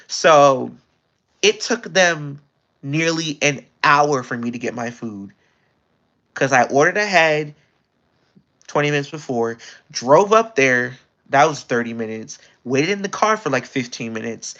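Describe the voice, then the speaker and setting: A young man livestreaming, telling a story in casual chat, animated and exasperated, with his pitch jumping up often. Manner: animated, exasperated retelling with quick pitch jumps. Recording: dull lo-fi stream audio.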